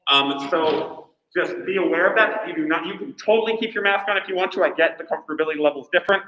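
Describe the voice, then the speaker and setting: A man's voice: fairly high pitch, quick pace, pushed and bright, echoey room, slight background noise, poor audio. A man teaching a class, giving chatty, encouraging instructions with lots of fillers.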